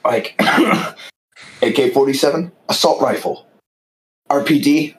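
A man's voice: medium pitch, slow, rough recording. A man telling an exasperated, chuckling story in casual podcast chat over voice chat. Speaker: podcast co-host.

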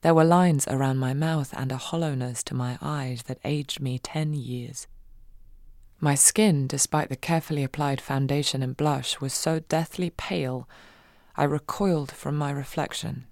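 A woman reading a first-person audiobook in a wry, expressive way, swinging between giddy and hushed. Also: a bass voice, normal speed, dry recording, clean studio sound. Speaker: audiobook narrator.

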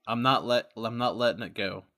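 A man playing in a tabletop role-play, speaking in character in a casual, deadpan way. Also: medium pitch, fairly quick. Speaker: player.

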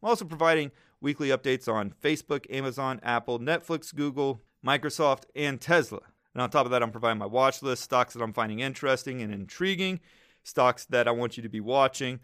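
A man's voice: medium pitch, brisk, a bit bright. A man hosting a podcast, chatting casually and rambling cheerfully while giving trading advice to listeners.

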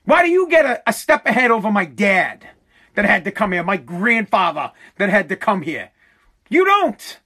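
A man delivering a heated, profane political rant, animated and mocking. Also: high voice, moderate pace.

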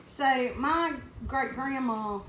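A Southern-accented woman co-hosting a podcast, telling stories in a casual, animated way and laughing often. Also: high voice, very slow. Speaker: podcast co-host. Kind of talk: casual storytelling chat. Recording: roomy echo with faint ambient noise.

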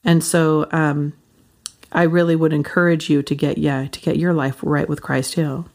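A woman's voice: sits low, flat delivery, moderate pace, darkish tone. A woman in her forties hosting a casual faith podcast, rambling with lots of fillers and frequent laughs. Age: 40s. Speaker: podcast host.

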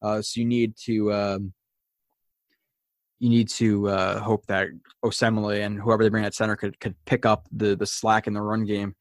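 A man with a fairly low voice talks through football game film in a loose, unscripted way, stopping and restarting as he goes. The sound is dry and close, with no room around it. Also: flat delivery, normal speed, no echo. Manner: thinking aloud with frequent fillers and restarts. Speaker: host. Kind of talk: casual football film breakdown.

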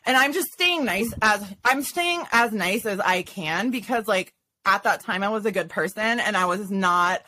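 A woman's voice: mid-range voice, animated, moderate pace, bright, forceful tone. A young woman hosting a casual chat, telling a story dramatically and sassily, full of "like" and swearing. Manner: dramatic, sassy, lots of "like", swearing. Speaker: podcast host.

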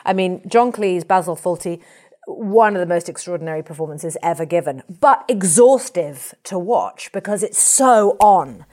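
A woman from England, speaking as an actor in an interview in a lively, colourful, animated way. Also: lowish voice, normal speed. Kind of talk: reflective conversational interview.

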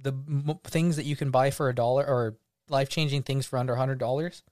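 A man's voice: mid-range voice, steady tone, brisk, darkish tone, no room sound, studio quality. A man co-hosting a casual podcast, playful and laughing often, slipping into silly voices for his stories. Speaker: podcast co-host. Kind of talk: casual chat.

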